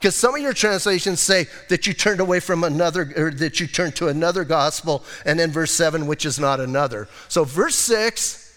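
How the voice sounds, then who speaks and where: A man's voice: a little high, normal speed, fairly bright tone. An older man, a pastor, preaching a sermon in a conversational way with rhetorical asides. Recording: long hall reverb.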